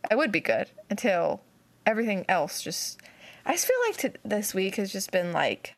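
A young woman from West Virginia, a dog groomer, telling a story in casual chat and acting out quotes with big jumps in pitch. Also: very animated, moderate pace.

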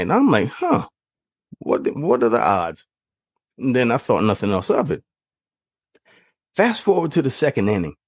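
A man telling stories on his podcast with a husky, breathy grain. His pitch swings widely as he slips into the people he describes. The recording is dry, with no room around it. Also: no room sound. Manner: animated, laughs through the telling. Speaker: podcast host. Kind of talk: casual storytelling.

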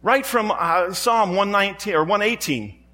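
A man's voice: high-pitched, normal speed, sharp tone, in a large hall, soft background music. A man preaching a sermon in a church, dramatic and rhetorical, building his points through repeated phrases and pointed questions to the congregation.

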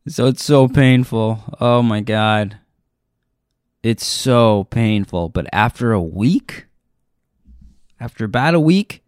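A young adult man, a stand-up comedian hosting his own podcast, rambles loosely through a self-deprecating comic monologue. His voice sits on the low side, a little mellow, with lively intonation and a slow pace. The recording is dry and studio quality.

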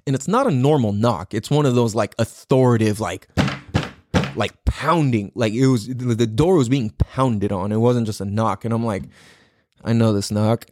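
A man's voice: mid-range voice, normal speed, a little mellow. A man hosting his own podcast, telling a rambling, profane story in a casual solo style, just back from a run. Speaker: podcast host.

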